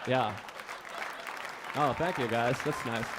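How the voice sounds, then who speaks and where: A man doing a stand-up comedy set on a club stage, with a deadpan, self-deprecating delivery. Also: mid-range voice, slow, heavy background noise. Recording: live club set with faint crowd. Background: audience laughter.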